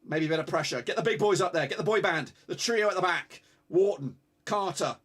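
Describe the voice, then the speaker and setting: A man calls a football match live for his stream, swinging from muttered asides to excited shouts and swearing freely. His voice sits high for a man and sounds bright and sharp. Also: brisk. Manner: excitable, swears, urges viewers to like. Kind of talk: live watch-along commentary.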